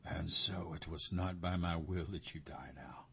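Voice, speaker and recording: A man voicing a sly, scowling serpent that pleads in a breathy, wheedling way. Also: sits low, very animated, normal speed, slight background noise, pitched above the performer's own voice. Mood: sly pleading.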